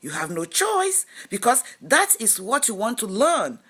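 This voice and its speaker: Husky-voiced woman giving emphatic advice. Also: on the high side, sing-song, unhurried, fairly bright tone. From lives in Canada. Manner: emphatic, preachy, rhetorical questions. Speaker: lifestyle vlogger. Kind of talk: motivational talk to camera.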